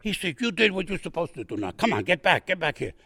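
An older man from Brooklyn, a veteran guest, telling a war story in a rambling, animated way and acting out the voices in it. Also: fairly high pitch, fast, no echo. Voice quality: gravelly, husky. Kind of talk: oral history storytelling.

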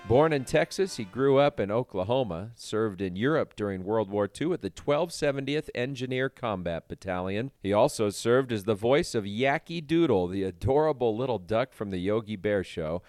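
Radio host guy with a lowish voice, reads the intro then asks questions, dry sound. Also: lively intonation, moderate pace, few pauses, a little mellow, no room sound, faint music behind.

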